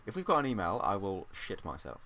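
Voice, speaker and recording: Low bright-voiced young man, teasing banter. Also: huge pitch swings, brisk. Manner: playful, teasing, lots of likes and laughs. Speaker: podcast co-host. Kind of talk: casual chat.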